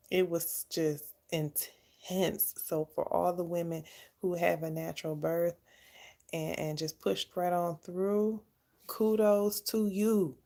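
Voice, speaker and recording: Gravelly-voiced young woman telling a story. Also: lowish voice, mellow. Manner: candid, chatty, laughs often. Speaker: vlogger. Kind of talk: casual storytelling to camera.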